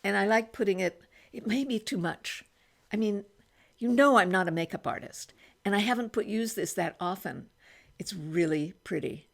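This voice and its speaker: Gravelly-voiced woman in her eighties. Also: mid-range voice, moderate pace. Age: 80s. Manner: chatty, thinks aloud, many restarts while applying makeup. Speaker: beauty vlogger. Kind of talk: casual makeup try-on vlog. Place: small room at home.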